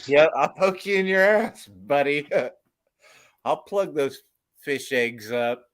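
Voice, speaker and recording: Animated man telling a rowdy fish story. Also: on the high side, slow pace. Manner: animated, acts out quotes loudly, laughs often. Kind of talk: casual storytelling chat.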